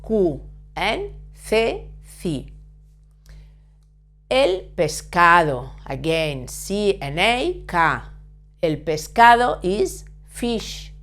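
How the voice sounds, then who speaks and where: A woman from giving a careful language lesson, patiently repeating words and spelling out letters. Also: on the low side. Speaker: Spanish teacher. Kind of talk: slow, careful spoken lesson.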